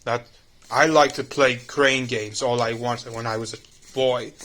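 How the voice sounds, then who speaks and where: A man's voice: mid-range voice, fairly even intonation, measured pace, fairly bright tone, close to an everyday voice. A man voicing Doctor Octopus, a smug mad scientist, in a put-on Irish accent for a fan audio drama. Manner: smug and theatrical. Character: elderly male octopus-themed mad scientist.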